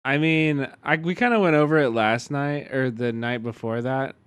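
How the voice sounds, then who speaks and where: A man with a Kansas City accent, commenting casually and profanely on a video during a live stream, given to excitable bursts of mock outrage. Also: medium pitch, normal speed, clear, resonant tone, dry recording. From Kansas City, USA.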